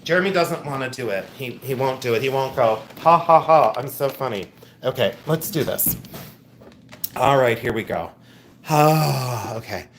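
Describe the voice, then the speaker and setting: A man's voice: mid-range voice, lively intonation, normal speed, slight background noise. A middle-aged man hosting a casual livestream from home, chatty and playful, reading viewer comments aloud. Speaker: livestream host.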